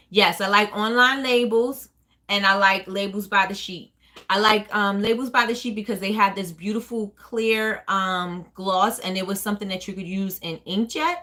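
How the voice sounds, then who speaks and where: New Jersey woman, business owner hosting a live chat, rapid and rambling, bright tone. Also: mid-range voice. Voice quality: fast-talking, rambling with many ums. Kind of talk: casual live chat answering viewers.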